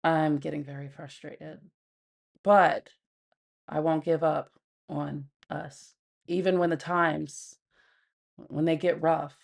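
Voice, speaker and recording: A woman with a gravelly, somewhat low voice hosts a casual livestream from home. She talks to her viewers bluntly and with plenty of swearing. She laughs often between remarks. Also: flat delivery, slow, long pauses. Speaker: livestream host.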